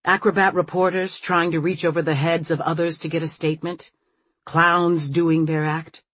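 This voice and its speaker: A woman narrating a novel in the first person with measured, observant storytelling. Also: low voice, slightly rough, no room sound. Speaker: audiobook narrator.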